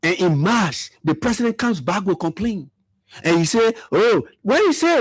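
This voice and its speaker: A man's voice: high voice, sing-song, normal speed, breathy edge, dry recording. A man giving fiery political commentary, full of repetition and rhetorical questions. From Liberia.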